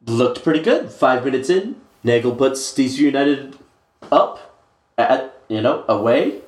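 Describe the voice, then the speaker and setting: A man's voice: mid-range voice, animated, a little slow, darkish tone. A man co-hosting a casual sports podcast, rambling with many filler sounds as he recaps matches. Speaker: podcast co-host. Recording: roomy echo.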